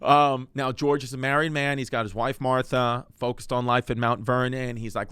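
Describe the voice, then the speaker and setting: A man's voice: mid-range voice, flat delivery, normal speed, hardly any pauses, fairly bright tone, clean tone, no echo. A man hosting a comedic history show, telling it in a rambling, joking way and talking straight to the listener. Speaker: comedic history podcast host. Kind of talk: casual comedic storytelling.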